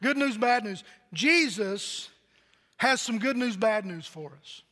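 Pastor, man, very high pitch; folksy sermon with jokes, repeats himself, asks the room questions; reverberant church hall. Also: expressive, takes it slowly, sharp tone.

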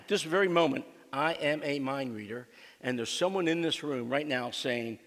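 This pastor's sermon blends a humorous personal anecdote with emphatic lines he repeats to his congregation in the church sanctuary. He speaks at medium pitch and normal speed, his slightly bright voice carrying through a large hall.

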